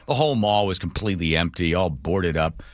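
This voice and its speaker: A middle-aged man hosting a radio talk show, telling a long anecdote in a wry, animated way. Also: deep voice, a little fast, dry recording, studio quality. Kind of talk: casual storytelling monologue. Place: radio studio. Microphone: studio microphone.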